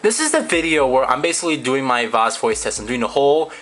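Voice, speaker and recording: A man's voice: mid-range voice, big pitch swings, fast talker, fairly bright tone, slight background noise, rough recording. A man talking candidly in a casual vlog, rambling and reading out viewer comments. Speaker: vlogger.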